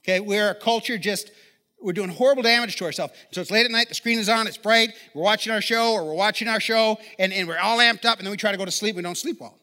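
A male pastor delivers a sermon in a loose, conversational manner, often restarting sentences and poking fun at himself. His voice sits high and sounds bright and forceful. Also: quick pace. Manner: conversational, self-deprecating humor, repeats words when starting sentences.

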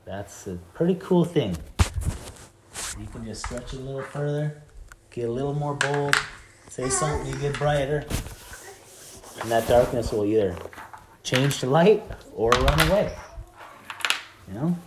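A man with a mid-range voice gives an informal sermon, speaking a little slowly and pausing often. He talks conversationally, filling in with "like" and "you know," then builds to emphatic preaching, recorded in an echoey room with loud noise.

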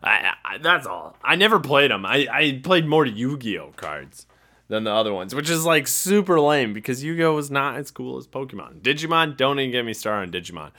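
A man's voice: mid-range voice, sing-song, normal speed, sharp tone. A young man hosting a casual solo podcast, rambling and laughing at himself as he talks. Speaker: podcast host.

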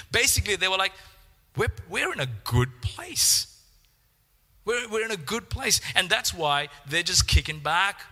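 Male preacher, fairly high voice, animated delivery with repeated words, reverberant hall. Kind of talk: sermon.

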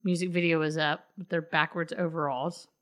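A woman's voice: low voice, little pitch movement, moderate pace. A woman co-hosting a casual chat, teasing her partner with dry banter.

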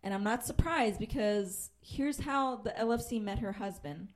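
A woman's voice: medium pitch, normal speed. A woman comedian in her thirties from Pennsylvania, telling a story with lots of swearing and acting out the voices of the people in it. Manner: animated, acts out quoted voices, swears freely.

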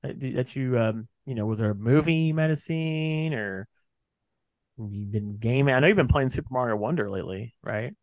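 A man's voice: mid-range voice, normal speed, a little mellow, no room sound. A man in his late thirties hosting a podcast, chatting casually, rambling with lots of fillers and cheerful swearing. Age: late 30s. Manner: rambling, swears freely, many fillers and restarts. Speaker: podcast host. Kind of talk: casual chat.

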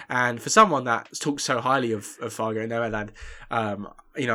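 A young man co-hosting a casual film podcast who rambles through his points. His pitch sits in the middle of a man's range. He keeps stopping to restart his sentences. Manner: rambling and animated, with many fillers and restarts. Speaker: podcast co-host. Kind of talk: casual film review chat.

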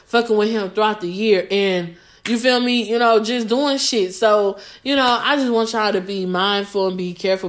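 A young woman, talking casually to camera, blunt and profane, repeating herself for emphasis. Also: mid-range voice. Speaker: vlogger giving relationship advice.

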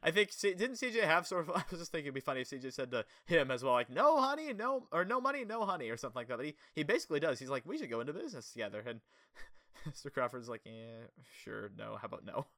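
A young man chatting casually about a kids' show episode, animated and laughing often. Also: medium pitch, fast, dry recording, studio quality. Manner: animated, laughs often, acts out quoted lines. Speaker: podcast co-host.

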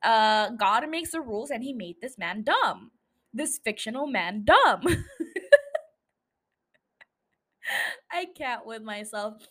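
A woman's voice: on the high side, lively intonation, unhurried, fairly bright tone. A young woman hosting a casual solo podcast, rambling, swearing freely and laughing at herself. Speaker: podcast host.

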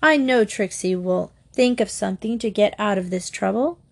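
A woman's voice: mid-range voice, normal speed, creaky. A woman voicing an emphatic teenage girl.

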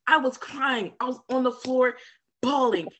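A woman's voice: high-pitched, a little slow, a bit bright. A woman talking as a podcast guest in casual chat, dramatic and mock-outraged.

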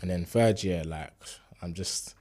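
A young man in his twenties recounts his university days in a relaxed, slang-heavy conversational style. His voice sits fairly low and carries a husky, breathy edge. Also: measured pace. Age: 20s. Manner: relaxed street slang, lots of fillers, animated when retelling. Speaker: university student sharing a testimony. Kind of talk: casual storytelling chat.

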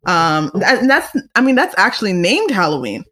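A woman's voice: mid-range voice, very animated, moderate pace, pushed and bright. A young woman hosting a solo talk show, chatting casually and rambling with frequent restarts and laughter. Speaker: solo podcast host. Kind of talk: casual chat.

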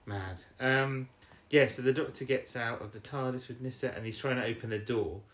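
A man's voice: mid-range voice, moderate pace, fairly bright tone, reverberant. Rambling male podcast co-host. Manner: rambling, with teasing jokes. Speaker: podcast co-host recapping an episode. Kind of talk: casual chat.

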